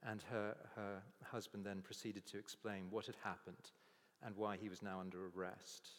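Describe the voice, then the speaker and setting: A man's voice: fairly low pitch, moderate pace. Man preaching in a reverberant hall. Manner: animated storytelling, acting out voices in quotes. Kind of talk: sermon. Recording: long reverb of a large hall.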